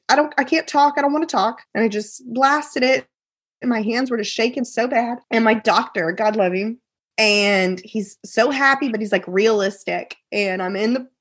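Woman, 30s, podcast guest; husky, animated storyteller who acts out the people she quotes. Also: sits high. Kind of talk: emotional personal storytelling.

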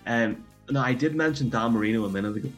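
A man's voice: mid-range voice, fast talker, faint music behind. A man with an Irish accent acting as quizmaster on a casual podcast game show, teasing and colloquial.

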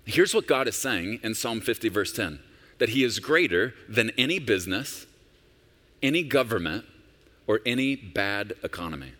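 A man in his forties delivers a sermon as a senior pastor, his voice sitting very low. He preaches conversationally, telling personal stories and rising into emphatic peaks. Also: lively intonation, normal speed, fairly bright tone. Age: 40s.

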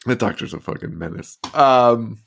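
A man's voice: mid-range voice, expressive, normal speed, gravelly, fairly bright tone, husky. A man co-hosting a podcast, recapping films in casual chat, swearing and laughing as he rambles. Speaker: podcast co-host.

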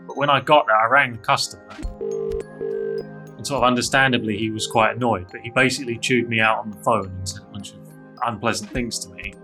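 A man's voice: medium pitch, sharp tone. A man telling a candid, self-critical personal story in an interview, with frequent restarts.

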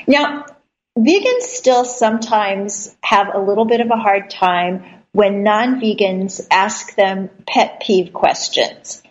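A woman hosts a podcast interview, asking questions and heaping praise on her guest. Her voice sits at an ordinary pitch. The sound is slightly dull and lo-fi. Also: takes it slowly. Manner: warm, effusive praise for the guest. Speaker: podcast host. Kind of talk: casual interview talk.

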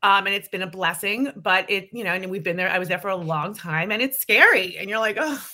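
A woman's voice: mid-range voice, a little fast. A woman guest from TV production, chatting casually in an interview and acting out her own thoughts as she tells stories. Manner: animated storyteller, acts out her own thoughts.

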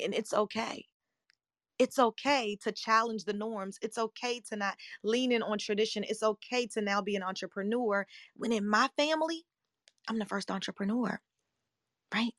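A woman in her forties giving an upbeat motivational talk as a coach, her voice slightly hoarse and scratchy, often checking in with her listeners. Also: mid-range voice, moderate pace, fairly bright tone, no room sound, studio quality. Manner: upbeat, emphatic, rhetorical check-ins. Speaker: life coach and live-room host.

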